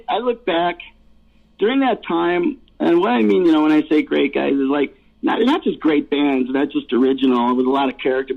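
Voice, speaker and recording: A man's voice: a little high, creaky. A male rock singer telling rambling stories in a casual interview, laughing often and swearing freely. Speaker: rock vocalist guest. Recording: tinny phone line.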